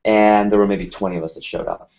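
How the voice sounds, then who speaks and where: Low-voiced man leading a sales workshop. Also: fast talker, vocal fry. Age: 30s. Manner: energetic, casual, full of rhetorical questions to the room. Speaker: sales team leader running a workshop. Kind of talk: motivational workshop talk. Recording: slightly muffled lo-fi sound.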